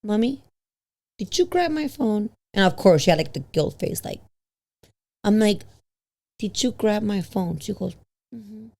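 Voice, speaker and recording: A woman in her thirties tells a story on a podcast in a relaxed, chatty way. Her voice sits at a middle pitch, and she throws it up high when she plays the people in her story. She switches into Spanish now and then. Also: a little slow, pauses often. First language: bilingual, switches into Spanish. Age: 30s. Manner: animated, acts out quoted voices with big pitch jumps. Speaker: podcast guest. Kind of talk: casual storytelling.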